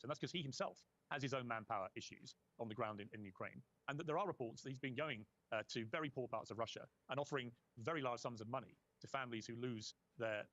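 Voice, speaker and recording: A man's voice: medium pitch, a bit bright, dry recording, lo-fi sound. A man hosting an interview, pushing back on his guest with challenging questions. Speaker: interview host.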